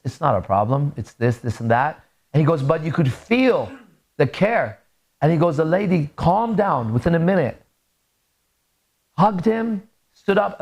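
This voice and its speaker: Profane man telling a story to a class. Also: fairly high pitch. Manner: profane, animated, acts out quoted dialogue. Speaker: dating coach leading a class. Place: room with a small group present.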